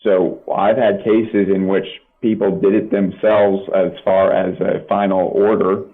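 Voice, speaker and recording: A man's voice: low voice, level tone, unhurried. A man, a family law attorney and podcast guest, explaining legal points plainly with practical examples. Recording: tinny phone-like line.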